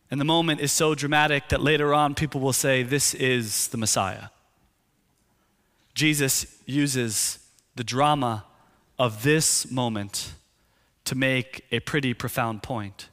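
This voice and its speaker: A male pastor preaching a sermon, telling the scene vividly and dropping to a hushed, intense tone for key points. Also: medium pitch, a little slow, pauses often. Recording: long hall reverb.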